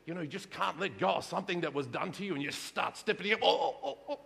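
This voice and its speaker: A man's voice: fairly high pitch, lively intonation, gravelly, bright, forceful tone. A man preaching a sermon, reading scripture aloud and leading the congregation in call-and-response repetition. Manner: reads scripture aloud with emphatic slowed phrases. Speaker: pastor. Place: church hall. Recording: long reverb of a hall.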